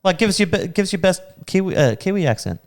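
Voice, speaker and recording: A man's voice: high voice, very animated, fast. A man co-hosting a casual podcast chat, firing off teasing questions and laughing often. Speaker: podcast co-host.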